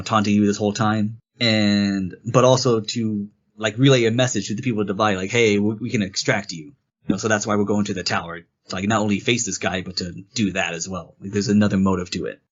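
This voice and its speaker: A man's voice: fairly low pitch, fast, muffled recording. A man co-hosting a casual game review podcast, rambling through the story and acting out quoted lines. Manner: rambling, animated retelling with quoted character lines. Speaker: podcast co-host.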